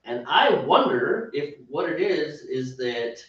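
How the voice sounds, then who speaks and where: A man's voice: a little high, very animated, slow, fairly bright tone. A man co-hosting a home brewing show, chatting casually and rambling with jokes. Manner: rambling, joking, sings a line playfully. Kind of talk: casual chat. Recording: echoey room, dull lo-fi sound from a distance.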